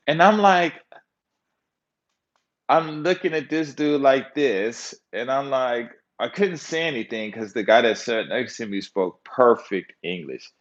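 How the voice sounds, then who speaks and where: A man's voice: mid-range voice, takes it slowly. A middle-aged man telling a story in casual, profane monologue, acting out voices and sound effects as he goes. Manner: animated, profane, acts out quotes with sound effects. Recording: slightly dull lo-fi audio.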